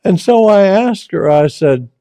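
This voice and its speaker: A man hosting a channel, telling stories in a slow, deliberate way and repeating phrases for emphasis. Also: high voice, expressive, warm tone, no room sound. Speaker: storyteller host. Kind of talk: casual spoken storytelling.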